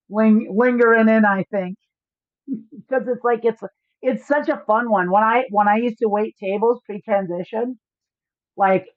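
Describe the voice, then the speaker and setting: A woman's voice: a little high, unhurried, no echo. A woman streaming poker online, explaining her hands in a joking and profane way. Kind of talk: livestream commentary. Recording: dry, slightly dull lo-fi audio.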